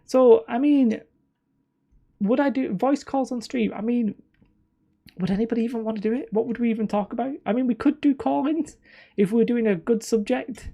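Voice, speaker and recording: A woman's voice: fairly high pitch, normal speed, vocal fry, dark tone. A woman hosting a live stream, chatty and self-mocking, wandering off topic and sounding tired. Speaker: channel host streaming. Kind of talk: rambling live-stream chat.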